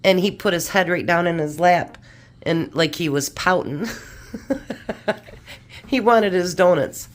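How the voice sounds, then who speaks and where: A chatty home-cooking vlogger, a woman with a low, deep-set voice. She talks easily to her viewers as she assembles and tastes food in her kitchen, keeping a homey, unhurried tone. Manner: chatty, homey, talks while eating and tasting. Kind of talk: casual cooking chat to camera.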